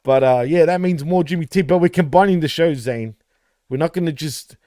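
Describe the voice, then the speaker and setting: A man's voice: fairly high pitch, brisk, warm tone, no room sound, studio quality. A man, co-hosting a casual podcast chat with profane, laughing banter. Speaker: podcast co-host.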